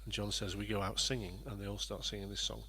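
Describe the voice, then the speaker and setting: A man's voice: lowish voice, flat delivery, fast talker. A man hosting a livestream, chatting casually and rambling a little as he greets viewers by name. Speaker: livestream host and performer.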